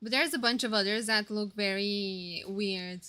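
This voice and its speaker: Bright, giggly young woman streamer. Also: medium pitch, measured pace. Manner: giggly and playful, reacting to chat. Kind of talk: casual live-stream commentary.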